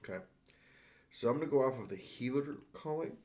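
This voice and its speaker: A man playing in a tabletop game, asking rule questions in a hesitant, slow-phrased way. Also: medium pitch, expressive, darkish tone. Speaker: player. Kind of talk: casual tabletop play.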